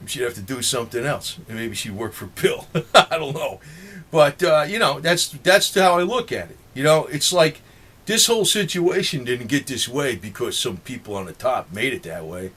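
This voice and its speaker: A man's voice: medium pitch, expressive, normal speed, a bit bright, husky. A man with a New Jersey accent rambling in a monologue to his viewers, swearing freely and chuckling between points. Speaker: political vlogger.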